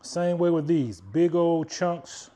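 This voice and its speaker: A man's voice: a little high, expressive, takes it slowly, warm tone. A man hosting an outdoor grilling video, talking viewers through each step in a chatty way and joking with them. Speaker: cooking channel host. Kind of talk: casual cooking demonstration.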